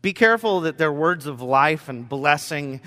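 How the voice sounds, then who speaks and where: A man pastor preaching a sermon in a room with whiteboards, telling the story in an animated way and acting out the scenes. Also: fairly high pitch, moderate pace. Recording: long reverb in a hall.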